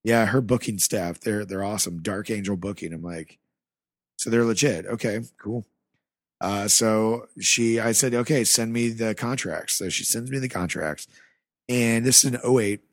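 Casually recounting a story from his life, a Rust Belt man on a podcast gets animated, swears a lot and acts out the dialogue. His voice is lowish and at normal speed, recorded in clean studio sound with no room sound.

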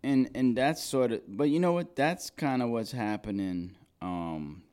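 A man's voice: medium pitch, measured pace, a little mellow, clean tone. A man talking as a podcast guest and consultant. He is casual and profane, and he acts out other people's voices when he quotes them. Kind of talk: casual conversation.

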